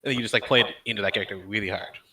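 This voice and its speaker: A man's voice: fairly low pitch, steady tone, rapid-fire, pushed and bright, no room sound. A man hosting a casual stream, telling a rambling gaming story with many fillers. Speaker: stream host.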